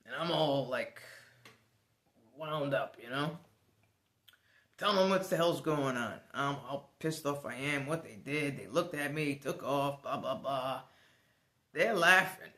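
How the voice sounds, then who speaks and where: A man telling a personal story to the camera in a casual vlog, animated and swearing now and then. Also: medium pitch, unhurried, pauses often, reverberant. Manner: animated, swears, laughs as he tells it. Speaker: vlogger.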